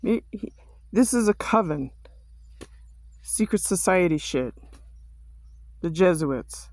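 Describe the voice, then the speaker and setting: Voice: mid-range voice, expressive, a little mellow, dry recording. Profane ranting speaker, dry close sound. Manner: ranting, repetitive rhetorical questions, heavy swearing; halting restarts and stumbles. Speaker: vlogger. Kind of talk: profane conspiracy rant to camera.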